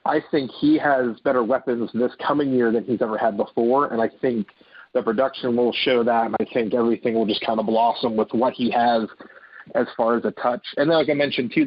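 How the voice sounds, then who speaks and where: A man with a husky, slightly breathy voice talks college football in a loose, rambling way. He keeps hedging with small qualifiers as he sizes up a player. The sound is dry and a little muffled, like a remote call. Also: mid-range voice, no echo. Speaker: guest football analyst. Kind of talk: casual sports talk.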